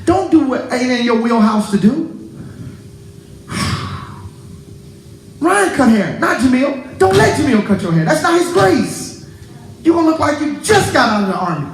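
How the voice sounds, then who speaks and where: A pastor preaching a sermon to his congregation, animated and joking with them. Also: very high-pitched, measured pace, pauses often, echoey room, background noise. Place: church.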